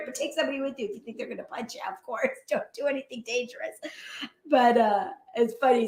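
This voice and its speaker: A woman physician hosting a show, giving a casual motivational talk in a lively, chatty way and laughing often. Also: a little high, moderate pace. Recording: roomy echo.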